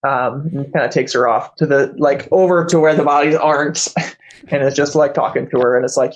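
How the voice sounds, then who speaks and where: Male game master; halting, filler-heavy narration. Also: medium pitch, fairly even intonation, poor audio. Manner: hesitant, full of fillers.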